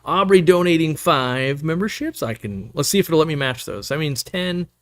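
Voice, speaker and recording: A male host talks loosely to his live chat, rambling and joking as he reads viewers' messages aloud. His voice sits a little higher than most men's, and he speaks casually into a desk microphone. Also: animated, moderate pace, fairly bright tone. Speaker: host of aquarium live stream.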